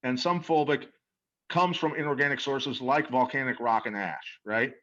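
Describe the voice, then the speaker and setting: A man's voice: mid-range voice, normal speed, a bit bright, muffled recording. A middle-aged man telling stories in an interview, earnest and emphatic, often repeating words as he goes. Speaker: interview guest. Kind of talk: animated storytelling about a product.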